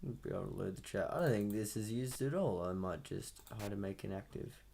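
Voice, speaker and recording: A man's voice: fairly low pitch, fairly quick, vocal fry. A young man, thinking aloud casually as he mixes a song. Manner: muttering, thinking aloud, self-deprecating. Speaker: audio engineer mixing music. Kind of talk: casual talk-through while working. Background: loud guitar music playing.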